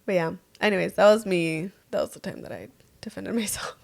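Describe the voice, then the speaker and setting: Young woman cohost, mid pitch, rambly casual chat, says like a lot. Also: fairly quick, vocal fry. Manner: chatty, filler-heavy, quotes herself. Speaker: podcast co-host.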